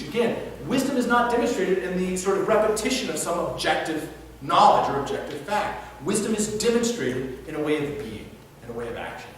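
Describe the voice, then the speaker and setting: A man's voice: high-pitched, fairly bright tone. A man, a philosophy professor, giving a live lecture in a hall and often checking that the audience follows. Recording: echoey hall, distant mic, faint noise.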